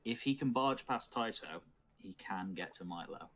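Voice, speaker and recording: A man with a fairly low voice runs a tabletop game as dungeon master. He narrates rolls, hits and damage in a matter-of-fact way, keeping his players up to date. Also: expressive, normal speed, a bit bright.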